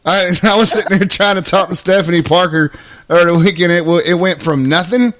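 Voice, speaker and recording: A fairly high-voiced man hosts a loose, profane live talk show from home. He laughs through his sentences and swears without a pause. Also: a bit bright. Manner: laughs a lot, swears freely. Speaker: podcast host. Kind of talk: casual profane chat.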